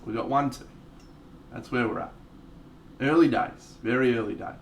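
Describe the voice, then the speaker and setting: A man's voice: mid-range voice, moderate pace, gravelly. Australian male streamer, casual and profane, mid-range voice, mic set back with faint hiss. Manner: relaxed, swears freely, laughs often. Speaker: live streamer. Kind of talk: casual chat with viewers. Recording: distant mic, faint background noise.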